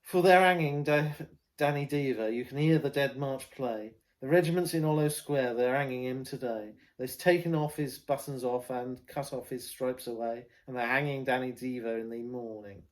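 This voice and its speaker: An English man reciting soldier ballads in a put-on, vaguely London working-class voice, declaiming loudly. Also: mid-range voice, moderate pace, close to an everyday voice. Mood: urgent.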